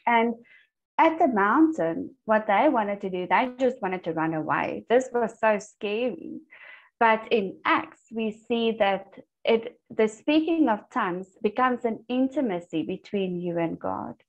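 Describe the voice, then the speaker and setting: A woman's voice: mid-range voice, animated, a little slow. A woman leading a church discipleship group over a video call, teaching and telling stories earnestly. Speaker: Bible study group leader. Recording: dull lo-fi online call audio.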